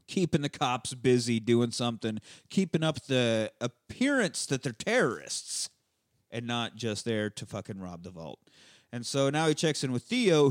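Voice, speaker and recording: A man on a podcast casually recapping a movie plot, swearing freely and jumping into quick character voices. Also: medium pitch, no echo, clean studio sound. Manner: profane, animated retelling with quick voices for characters. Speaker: podcast host. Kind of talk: casual movie rewatch chat.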